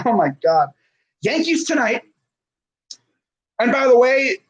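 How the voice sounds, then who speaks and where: Young guy streaming sports talk, high husky voice, rambly and lively. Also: poor audio. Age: 20s. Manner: rambling, animated, frequent fillers and self-corrections. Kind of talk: casual sports chat reading live comments.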